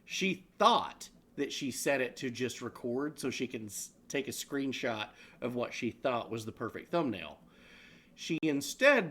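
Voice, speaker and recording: A man's voice: medium pitch, fairly bright tone. A man co-hosting a live stream show, chatting casually with profane, laughing banter. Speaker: co-host.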